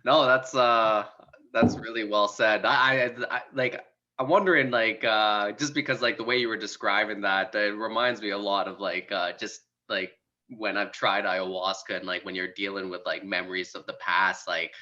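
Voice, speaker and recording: Man, podcast host, very deep voice, dull lo-fi sound, halting, lots of fillers. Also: steady tone, sharp tone. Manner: halting, heavy use of filler words. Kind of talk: casual podcast conversation.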